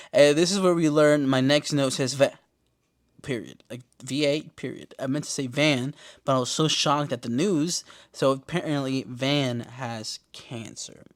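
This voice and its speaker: A man hosting a casual podcast recap, joking and swearing in loose slang, sometimes breaking into loud, high-pitched exclamations. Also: measured pace. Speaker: podcast host.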